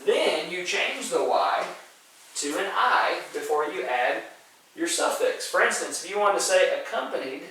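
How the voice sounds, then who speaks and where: A man's voice: sits high, very animated, unhurried, sharp tone, a little hiss or hum. A male teacher giving a spelling lesson, explaining step by step and often checking in with "okay?" and "right?". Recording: very echoey room, voice from far off the mic.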